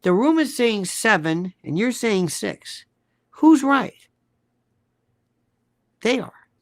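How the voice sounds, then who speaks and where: A man's voice: big pitch swings, slow pace, no room sound. Blunt, mocking older male ranting host. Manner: blunt, crude and mocking, shifts pitch a lot. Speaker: political commentary host. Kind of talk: ranting political commentary.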